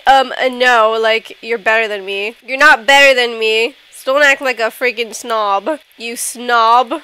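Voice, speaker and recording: A woman's voice: fairly high pitch, takes it slowly, pushed and bright, clean tone. A woman giving playful gameplay commentary, giggling often and getting mock-indignant. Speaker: gaming YouTuber.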